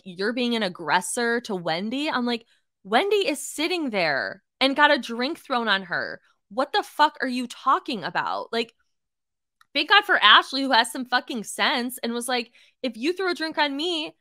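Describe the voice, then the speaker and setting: A young adult woman hosting a casual solo podcast, talking in an animated way with lots of fillers and swearing, and acting out quotes in shifting voices. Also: medium pitch, dry recording, studio quality. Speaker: podcast host.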